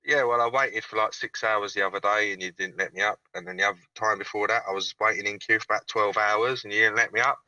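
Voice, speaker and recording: A man's voice: on the low side, steady tone, fast talker, hardly any pauses, bright, forceful tone, no room sound, rough recording. A man calling in to a video call-in show, talking in a crude, sarcastic way and swearing freely. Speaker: caller. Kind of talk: casual video call-in chat.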